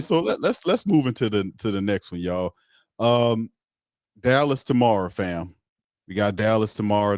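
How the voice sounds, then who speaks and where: A man hosting a casual sports podcast, slangy and animated, laughing often. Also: on the low side, smooth, dry recording, clean studio sound. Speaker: podcast host.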